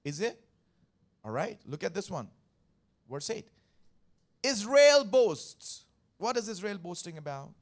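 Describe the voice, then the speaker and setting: A man's voice: high voice, expressive, moderate pace, gravelly, pauses often. A man preaching a Sunday sermon as pastor, repeating phrases and putting questions to the congregation. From India. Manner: emphatic, repetitive, questions the congregation. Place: church service.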